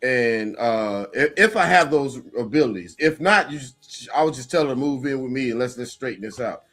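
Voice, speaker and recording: A man's voice: mid-range voice, lively intonation, normal speed, a bit bright, soft background music. A man in casual chat, blunt and joking. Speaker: podcast guest.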